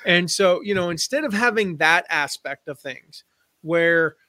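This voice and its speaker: Man, podcast guest, slightly high voice, dry close recording, chatty storyteller, playful asides. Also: animated, measured pace, sharp tone, no room sound. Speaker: guest, affiliate marketing expert. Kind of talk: conversational podcast interview.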